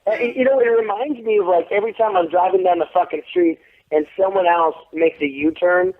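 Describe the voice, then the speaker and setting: A man being interviewed as an actor, telling stories in a profane, animated way over the phone. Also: high voice, a little fast. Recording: tinny phone line.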